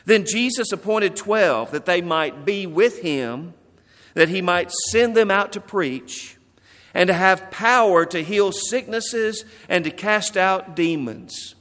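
A man preaching a sermon as pastor, slow and deliberate, repeating phrases for emphasis. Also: high-pitched, animated, fairly bright tone, big-room sound.

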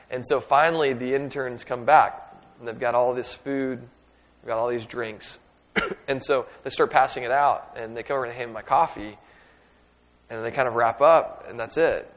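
A middle-aged man, a youth minister telling a casual, humorous story that leads into a sermon point. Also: mid-range voice. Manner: casual anecdotal, self-deprecating humor.

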